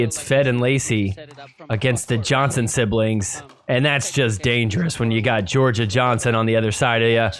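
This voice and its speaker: A man hosting a podcast, recapping matches with excitable play-by-play and fast ad reads. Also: on the high side. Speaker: podcast host. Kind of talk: casual recap commentary with ad read.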